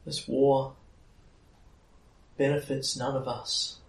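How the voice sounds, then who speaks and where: A man's voice: mid-range voice, level tone, slow pace, pitched above the performer's own voice. Man putting on a sorrowful fae queen. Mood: sorrowful, pleading. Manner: solemn, pleading. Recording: echoey room, mic at a distance.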